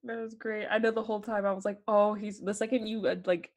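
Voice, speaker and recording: A woman's voice: mid-range voice, fairly even intonation, fast talker, darkish tone. A woman player chatting casually and playfully at the tabletop game, laughing between lines. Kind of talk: casual chat.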